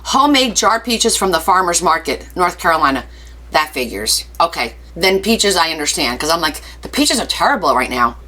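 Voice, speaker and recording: Woman, craft live-stream host, bright clear voice, chatty, playful asides, reads out viewer comments. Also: low-pitched, very animated, normal speed. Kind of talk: casual live-stream chat.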